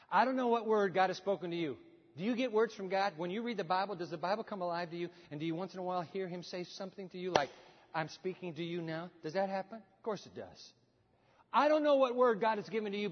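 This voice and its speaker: A man delivers a sermon with the animated pacing of a storyteller, often turning to ask his congregation questions. His voice sits fairly high for a man. The sound is a little dull and rings with the long reverb of a large church hall. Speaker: pastor.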